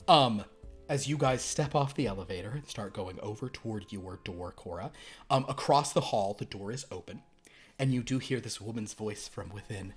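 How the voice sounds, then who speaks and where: A man narrating as game master of a tabletop game, with meandering, casual descriptions that trail off softly. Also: on the low side, normal speed, slightly rough, faint music behind.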